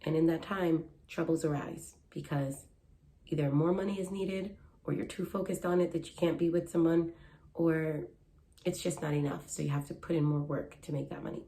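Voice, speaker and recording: A woman's voice: sits low, fairly even intonation, normal speed, dark tone. Earnest young woman giving relationship advice. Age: young adult. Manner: earnest, repetitive, conversational. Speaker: matchmaker. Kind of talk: casual advice vlog.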